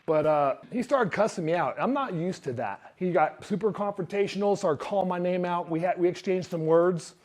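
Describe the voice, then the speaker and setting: Animated, high-pitched male storyteller. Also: normal speed, hardly any pauses. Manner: animated storyteller who acts out quotes. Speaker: speaker. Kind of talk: motivational talk to a live audience. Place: room with a live audience.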